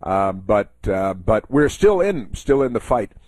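A man's voice: fairly low pitch, sing-song, a little slow, a little mellow, dry recording. A man hosting a talk show, delivering a rambling political opinion monologue full of filler sounds and restarts, sarcastic toward his opponents. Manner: sarcastic, mocks opponents in a raised voice.

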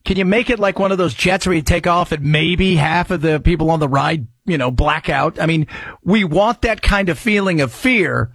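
A man hosting a talk show, chatting casually in an animated, joking way that rambles with restarts. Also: on the high side, moderate pace, slightly rough, no echo.

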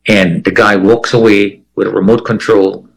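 A man's voice: lowish voice, level tone, normal speed, creaky, slightly rough, poor audio. A man giving a first-person account in an interview, vividly acting out the voices of the people he quotes. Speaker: interviewee telling a personal story.

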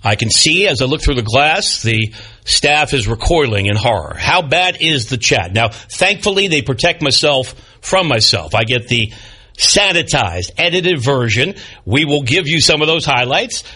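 Animated older man hosting sports talk. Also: medium pitch, normal speed, husky. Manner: animated, opinionated, with wry self-deprecating asides. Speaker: sports talk show host. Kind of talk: sports talk radio commentary. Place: broadcast studio. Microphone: studio microphone.

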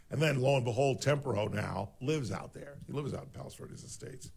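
A man's voice: mid-range voice, lively intonation, brisk, creaky, hardly any pauses, a little mellow, husky. A middle-aged male radio host delivering an indignant monologue to his listeners. He speaks emphatically and pushes back hard on callers. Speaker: radio talk show host.

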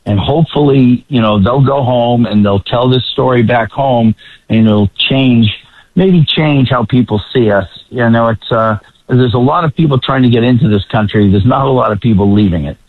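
A man's voice: mid-range voice, moderate pace, no echo. Man with a faint Boston accent on a phone line. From Boston area. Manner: relaxed, hesitant. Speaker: guest commentator. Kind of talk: casual radio chat.

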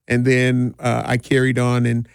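A middle-aged man who works as a DJ tells stories in a relaxed, rambling way during a casual interview, with frequent restarts and laughs. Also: mid-range voice, measured pace, creaky, clear, resonant tone, no room sound, studio quality. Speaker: DJ and community party organizer.

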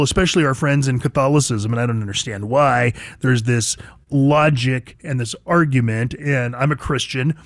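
A man hosting talk radio, blunt and opinionated, chatting easily between hard takes. His voice is mid-pitched and sits close to a studio mic with a dry, dead sound. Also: no echo. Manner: blunt, conversational, reminiscing with his producer. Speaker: radio show host.

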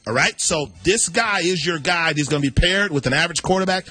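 A man's voice: fairly high pitch, fairly quick, pushed and bright, breathy edge, no room sound, faint music behind. A man hosting a sports talk show, running a playful trade game with his co-host. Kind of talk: radio sports chat game segment.

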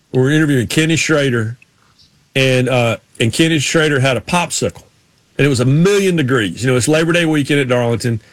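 A man's voice: on the high side, dry recording. A middle-aged man, co-hosting a casual sports talk show and telling rambling stories. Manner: rambling storytelling with folksy Southern drawl impressions. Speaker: co-host.

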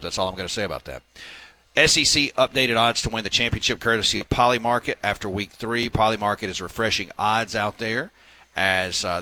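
Low, bright-voiced sports radio man. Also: low-quality recording. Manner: reads news items aloud with filler and wry asides. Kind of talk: casual sports talk radio.

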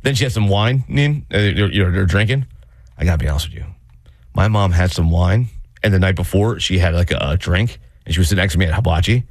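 A man in his thirties telling family stories in casual chat, mimicking others in high voices. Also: fast, dry recording, clean studio sound.

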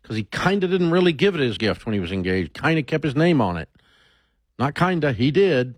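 A man's voice: medium pitch, very animated, brisk, no room sound. A man hosting an advice talk show, speaking bluntly in a casual way and restarting his sentences as he thinks aloud.

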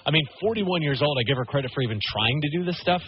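A man's voice: a little high, animated, racing, husky, muffled recording. A man co-hosting a radio show, chatting casually with rambling asides. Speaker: radio co-host.

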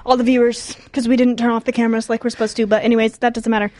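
A woman's voice: fairly high pitch, little pitch movement, rapid-fire, darkish tone. Breathless, giggly young woman co-host. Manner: giggly, chatty. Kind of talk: casual chat.

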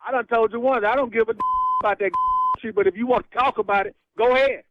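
A man's voice: very high voice, fast talker, dry recording, lo-fi sound. A man on the phone who laughs as he pushes back in slang against an angry caller. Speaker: prank call target.

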